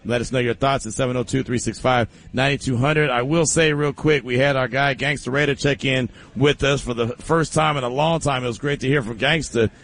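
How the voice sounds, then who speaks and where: A man hosting a sports talk show, loose and jokey with animated banter. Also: medium pitch, brisk, few pauses. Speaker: sports talk radio host.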